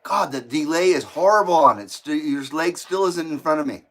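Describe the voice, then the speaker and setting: Indoors at home, a man with a fairly bright voice on the high side speaks at normal speed during a casual live stream. He reads viewers' comments aloud and chats as he eats.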